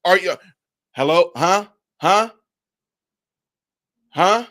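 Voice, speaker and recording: A man giving a heated, preachy political commentary vlog, rising at times to shouts. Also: high-pitched, animated, drawn-out words. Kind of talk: ranting video commentary.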